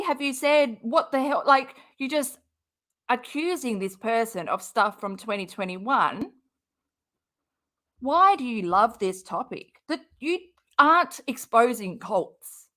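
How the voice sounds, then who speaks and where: A woman with a high voice and a slow, deliberate way of talking gives exasperated, sarcastic commentary. She swears often and has a cold. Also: fairly bright tone. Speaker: reaction streamer. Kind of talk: angry commentary over a clip.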